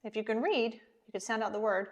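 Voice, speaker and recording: An American woman teaching an online preschool lesson, speaking slowly and encouragingly to small children. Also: fairly high pitch, highs cut off.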